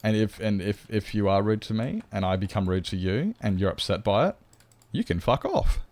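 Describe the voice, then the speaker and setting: A man's voice: fairly low pitch, animated, moderate pace, a little mellow, no echo. An Australian man chatting bluntly and swearing to viewers during a casual live stream. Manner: blunt and sweary, rambling, chats to viewers while gaming.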